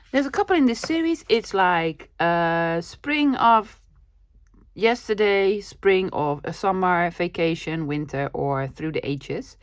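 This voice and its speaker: A chatty woman vlogger shows off a thrift haul in casual conversation, breaking into bursts of giddy excitement. She's coming down with a cold and has a sore throat, and her lowish voice is recorded with no echo.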